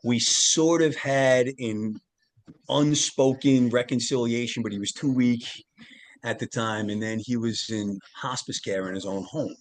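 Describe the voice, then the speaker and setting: A man, a guest on a talk show, telling a family story in an earnest, animated way. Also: mid-range voice, a little slow. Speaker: podcast guest, tarot reader and author. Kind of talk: casual storytelling interview.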